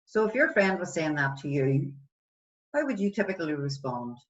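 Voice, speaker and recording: A woman wellbeing coach leads listeners through a guided self-help exercise on self-compassion, asking many questions and acting out example voices. Her fairly low voice is very animated and moves at a moderate pace. The sound is distant, dull and lo-fi.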